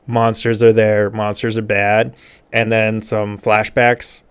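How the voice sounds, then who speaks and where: A man giving a dry, sarcastic recap of a movie's plot, sometimes dropping into quick mock voices for the characters. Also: on the low side, little pitch movement, smooth. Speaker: movie reviewer.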